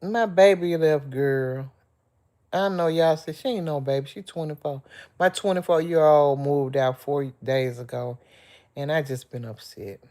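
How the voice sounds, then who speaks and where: A middle-aged woman with a deep, unhurried voice vents to her livestream viewers, sounding soft, tearful and emotional yet easy and chatty. Calling them y'all, this vlogger reads their comments aloud between her own thoughts in casual live-stream chat.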